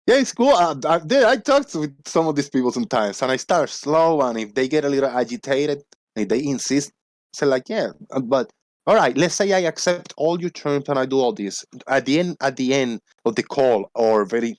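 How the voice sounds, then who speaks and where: A man's voice: medium pitch, expressive, moderate pace, no room sound. A man hosting a casual livestream, talking animatedly, swearing freely and acting out phone callers in a raised voice. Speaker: livestream host.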